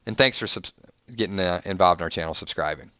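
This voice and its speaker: A Southern man from Georgia chats loosely on a live stream, reading out viewer names and wandering off into asides with plenty of restarts. His voice is low and smooth. The sound is dry and close. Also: quick pace, pushed and bright, no echo. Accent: Southern American. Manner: chatty, reads viewer names, rambling restarts. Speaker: streamer host. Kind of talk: casual live-stream chat.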